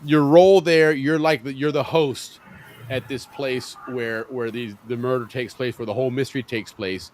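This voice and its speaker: A man's voice: medium pitch, fairly even intonation, moderate pace, darkish tone, slight background noise. A man hosting a casual interview, enthusiastic and encouraging, with slangy talk. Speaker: host.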